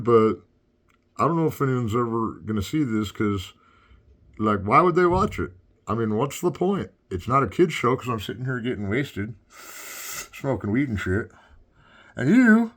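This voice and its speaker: A man's voice: mid-range voice, close to an everyday voice. A man doing a rambling stoner cartoon critic. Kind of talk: improvised comedy commentary over gameplay.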